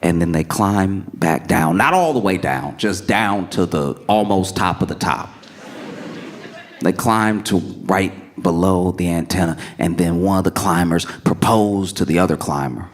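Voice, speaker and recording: A male stand-up comedian telling a story in an animated way, laughing as he acts out scenes. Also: deep voice, unhurried.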